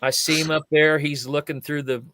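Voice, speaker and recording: This older man, a fire eater and magician guesting on a chat show, speaks at normal speed in a voice on the high side, recorded with no echo. His anecdotes are lively, and he acts out each person he quotes.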